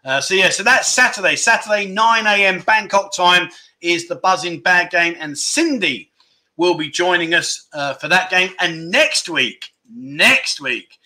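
Chatty, bright-voiced host. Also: male voice, high voice, normal speed. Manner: chatty, self-deprecating, rambling. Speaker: livestream chat show host. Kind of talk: casual livestream chat reading viewer comments.

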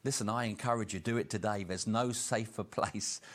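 A man preaching a sermon earnestly, slowing down to stress key lines. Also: on the low side, fairly even intonation, a bit bright. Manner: earnest, slows down for emphasis.

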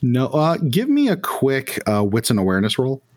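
A man's voice: mid-range voice, huge pitch swings, moderate pace. A man narrating a tabletop game as game master, with loose, filler-heavy phrasing.

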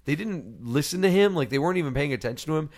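Casual podcast host, male, expressive storyteller who mimics others, slightly high and very lively pitch. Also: racing. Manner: animated storyteller, acts out quoted people; swears casually. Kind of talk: casual chat.

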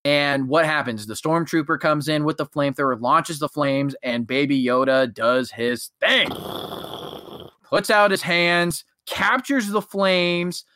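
A man's voice: on the high side, a little slow, bright, forceful tone, no echo, studio quality. A man co-hosting a podcast, retelling a show's plot in a rambling, casual way full of fillers and acted-out quotes. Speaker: podcast co-host. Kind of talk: casual chat recapping a TV episode.

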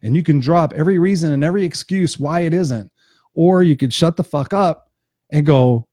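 A man's voice: a little high, a little fast, mellow, no room sound, clean studio sound. A man giving an unscripted motivational talk as host of his own live stream, passionate and swearing freely, repeating points for emphasis.

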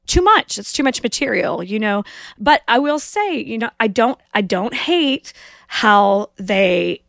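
A woman from the American South co-hosts a casual movie-review podcast. She talks emphatically and gets exasperated. Her voice has a gravelly fry, and it sounds dry and close. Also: mid-range voice, a bit bright, no echo. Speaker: podcast co-host.

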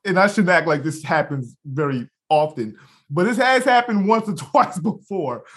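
A man's voice: high-pitched, normal speed. A young man co-hosting a casual podcast, telling a story with lots of swearing and laughter and acting out the other people's lines. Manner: animated storyteller, acts out quotes, laughs, swears freely. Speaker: podcast co-host.

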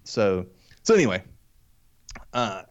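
Male podcast host, lowish voice, dry close sound, conversational and quick to laugh. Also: very animated, dry recording, highs cut off. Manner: conversational, reads passages aloud and comments, laughs easily. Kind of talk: casual podcast discussion.

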